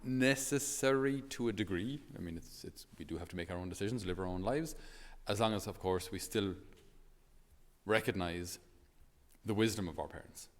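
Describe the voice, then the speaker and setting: Irish priest with a low voice. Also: male voice, moderate pace, big-room sound. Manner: conversational, storytelling with many fillers. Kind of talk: homily.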